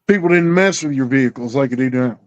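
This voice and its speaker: In a dull, lo-fi recording, a middle-aged man with a mid-range voice talks fast. He's a guest storyteller with a folksy drawl who acts out the dialogue as he goes.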